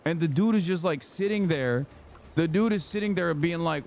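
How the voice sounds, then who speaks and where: A man in his thirties telling a story on his livestream, casual, profane and animated, jumping into high-pitched quoted voices. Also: brisk, slight background noise. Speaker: streamer.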